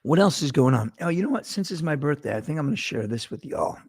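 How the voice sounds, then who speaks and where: Gravelly middle-aged man rambling on a podcast. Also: on the high side, animated, quick pace. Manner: rambling, profane, digressive. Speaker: podcast host. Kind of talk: casual monologue.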